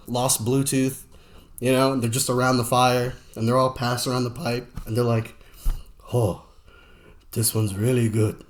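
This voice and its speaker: A man from Pennsylvania co-hosting a podcast in casual, profane chat, often slipping into goofy stoner impressions. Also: mid-range voice. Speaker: podcast co-host.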